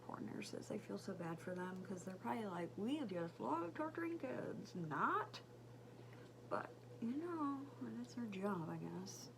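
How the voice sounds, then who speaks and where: A woman telling a story while doing her makeup, chatty and rambling, with fillers and soft asides. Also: mid-range voice, lively intonation, a little slow, creaky, noisy background. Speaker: beauty vlogger and mother. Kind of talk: casual get-ready-with-me story chat.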